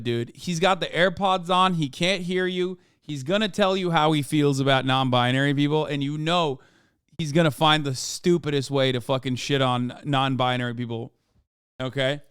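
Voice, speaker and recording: A male streamer with a fairly high, smooth voice rambles through sarcastic livestream commentary, swearing freely. The sound is dry and close. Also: measured pace, a bit bright, dry recording. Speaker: streamer host.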